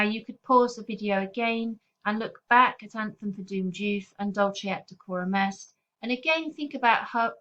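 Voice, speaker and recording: Casting note: female teacher, clear steady explainer, mid pitch, slightly dull lo-fi audio. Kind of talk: recorded poetry lesson.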